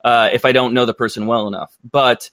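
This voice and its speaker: A man's voice: mid-range voice, steady tone, a little fast, fairly bright tone, no room sound, clean studio sound. An American man hosting a casual livestream, rambling and thinking aloud. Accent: American English. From United States. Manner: rambling, thinks aloud with many fillers and restarts.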